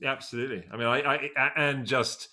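A man with an English accent, a guest telling stories in a relaxed, self-deprecating, rambling way. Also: mid-range voice, fast talker. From England. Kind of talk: casual interview chat.

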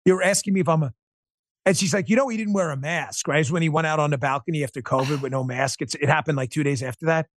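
A man guesting on an interview show, telling a personal story in an animated, emphatic way with quick restarts. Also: a little high, no echo, studio quality. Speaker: podcast host and interview guest.

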